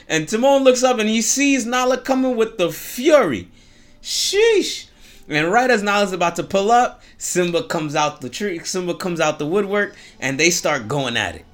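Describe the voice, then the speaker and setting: A man's voice: sits high, sing-song, normal speed. A man casually retelling a story in slang, breaking off into preachy asides about hope. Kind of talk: casual storytelling with a moral message.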